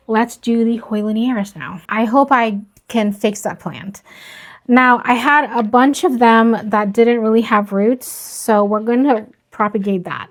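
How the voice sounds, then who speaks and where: Slow, soft-spoken woman vlogger. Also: fairly high pitch. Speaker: plant vlogger. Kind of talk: casual narration while working.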